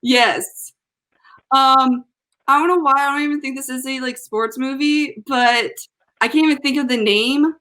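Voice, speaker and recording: Bright-voiced young woman, chatty guest. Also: high-pitched, steady tone, a little slow. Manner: chatty, trailing off, unsure. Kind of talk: casual sports talk.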